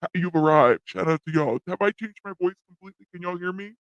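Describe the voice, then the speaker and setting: A woman's voice: lowish voice, expressive, fast, no echo, lo-fi sound, voice pushed down. A woman livestream host speaking through a voice changer that makes her sound like a young man, giggling and quizzing her chat about how she sounds. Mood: amused. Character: a cute young man's changed voice. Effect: male-sounding voice changer filter.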